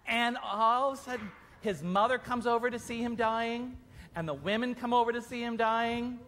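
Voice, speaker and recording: A man leading a children's Easter play, narrating the story and directing the kids in a playful, animated way. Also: very high voice, normal speed. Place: church hall. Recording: echoey church hall.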